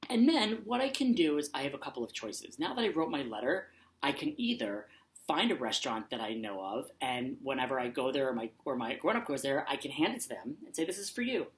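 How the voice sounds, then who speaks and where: A low-voiced woman teaches young children, her pitch rising and falling a lot. She speaks slowly, saying each word aloud as she writes it. The sound carries a roomy echo. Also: big pitch swings. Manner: slow, dictating aloud while writing. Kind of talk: online lesson for children.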